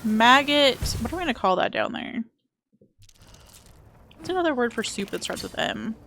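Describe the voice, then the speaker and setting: Excitable, bright-voiced woman streamer. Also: on the high side, moderate pace, a little hiss or hum. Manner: excitable and joking, with frequent swearing. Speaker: game streamer. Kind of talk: casual livestream commentary while playing.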